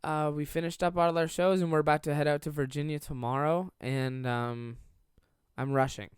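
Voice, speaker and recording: A young man rambles through a solo comedy podcast, cutting himself off mid-sentence and jumping into goofy voices. His voice is smooth and resonant. It is recorded close and dry, with no room sound. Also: on the high side, fairly even intonation, normal speed, no room sound. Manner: rambling, self-interrupting, slipping into silly voices to act out anecdotes. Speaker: podcast host.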